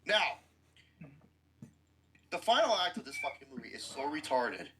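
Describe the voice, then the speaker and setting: A man's voice: on the high side, sing-song, normal speed, a bit bright, rough recording. A man hosting a podcast who gives a blunt, profane movie review with explosive outbursts.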